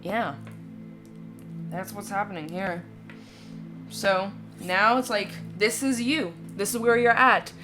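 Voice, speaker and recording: Taking it slowly with long pauses, a middle-pitched woman guides her viewers through a tarot spread on camera while soft music plays. She's chatty and reassuring, often checking in with "you know" and "right?"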